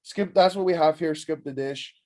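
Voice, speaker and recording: A man's voice: on the high side, normal speed. A young man hosting a podcast, telling a rambling comedic story full of swearing, self-mockery and constant "like" fillers. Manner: profane, animated, self-mocking, frequent "like" fillers. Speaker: podcast host.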